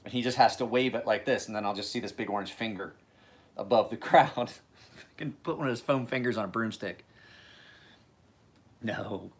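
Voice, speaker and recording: A man's voice: on the low side, normal speed, long pauses, slightly rough. A man hosting a casual live stream, rambling in a laid-back way, swearing freely and laughing often.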